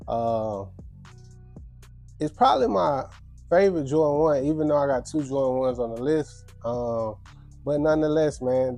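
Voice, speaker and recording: A man's voice: mid-range voice, warm tone. A young man with a congested voice, chatting casually in slang as he recaps his favorite pickups. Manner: laid-back slangy chatter. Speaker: sneaker vlogger.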